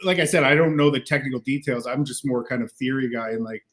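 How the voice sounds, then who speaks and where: A man's voice: medium pitch, quick pace, a loud crowd. Musing man on a talk panel. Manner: musing, restarts often, laughs mid-sentence. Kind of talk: casual panel chat.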